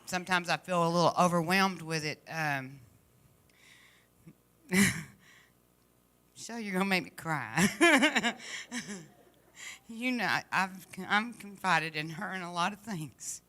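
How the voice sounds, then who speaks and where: A woman giving a heartfelt, halting personal testimony to a church congregation. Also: fairly low pitch, pushed and bright. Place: church service.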